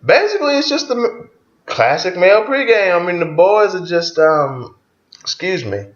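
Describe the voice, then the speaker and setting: A very animated man with a high-pitched voice walks through an album song by song at a moderate pace. He keeps it casual and foul-mouthed, chuckling a lot, and the lo-fi audio sounds roomy and dull.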